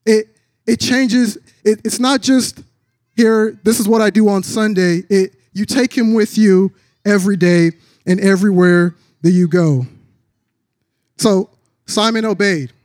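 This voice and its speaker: A man preaching a sermon, telling a story with drops into a low, soft voice for quoted lines. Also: fairly even intonation, a little slow, no echo, clean studio sound. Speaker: pastor.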